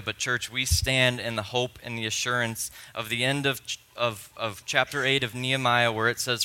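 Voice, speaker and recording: A man pastor preaching a sermon in a church, playful and excitable, with nerdy enthusiasm. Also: mid-range voice, moderate pace, hardly any pauses, clean tone. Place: church sanctuary.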